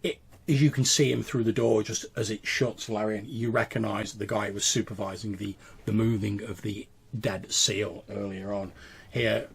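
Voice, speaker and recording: A man's voice: lowish voice, fairly even intonation, moderate pace, gravelly, breathy edge. A man narrating a tabletop role-playing game as game master, describing scenes with small hesitations.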